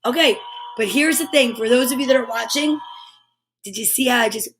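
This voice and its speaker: Chatty woman hosting a live stream, high voice, excitable, greets viewers by name. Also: brisk, a little hiss or hum. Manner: excitable, exclaims often. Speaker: livestream host. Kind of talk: chatty morning livestream.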